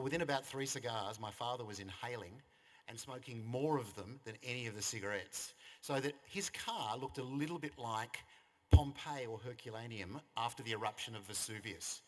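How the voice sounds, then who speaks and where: A man's voice: medium pitch, moderate pace. Australian man giving a wry eulogy. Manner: wry, anecdotal storytelling. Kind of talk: funeral eulogy. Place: funeral service venue. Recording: long reverb of a service hall.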